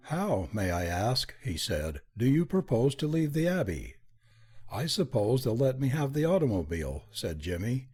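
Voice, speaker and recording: A man reading a story aloud as an audiobook narrator, giving the dialogue an expressive, lively delivery. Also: medium pitch, slightly rough. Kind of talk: scripted narration.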